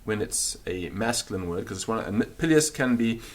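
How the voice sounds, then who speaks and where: A man teaching a recorded grammar lesson, explaining and repeating words slowly so they can be drilled. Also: on the low side, animated. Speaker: language teacher.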